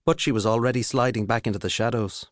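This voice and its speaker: A man of medium pitch reads a scripted audiobook, narrating in a steady, measured storytelling way. The studio sound is clean, with no echo.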